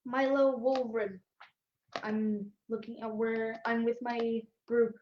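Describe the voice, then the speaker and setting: Woman player at a tabletop game, kinda high voice, short casual replies, muffled audio. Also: level tone, slow, a little mellow, slight background noise.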